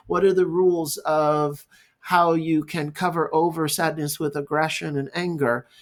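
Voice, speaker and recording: A male therapist speaking in a reflective, halting monologue, improvising as he goes. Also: high-pitched. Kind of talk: unscripted talking-head monologue.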